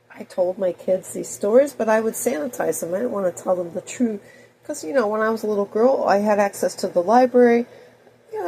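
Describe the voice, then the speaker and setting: Woman, fifties, head cold, digressive, loud then muttering, slightly high voice. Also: vocal fry, a little hiss or hum, poor audio. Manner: digressive, swings between loud outbursts and soft mutters. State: has a cold. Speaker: video blogger. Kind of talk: rambling personal monologue.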